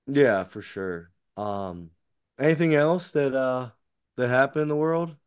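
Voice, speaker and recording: A man chatting on a podcast in a rambling, easygoing way, restarting his sentences and leaning on fillers. His voice sits at an ordinary middle pitch, recorded dry and close with no room sound. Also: unhurried, clean tone, no room sound. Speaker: podcast co-host. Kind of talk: casual chat.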